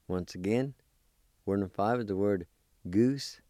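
A man giving a slow language lesson, spelling and pronouncing each word and repeating it patiently. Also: lowish voice, warm tone, no echo, clean studio sound. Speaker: language teacher.

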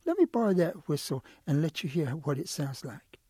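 A man voicing an eager, curious male quail in a told folk tale, pleading and excited in a raised voice. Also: a little high, moderate pace, slightly rough, no room sound, clean studio sound. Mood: wheedling.

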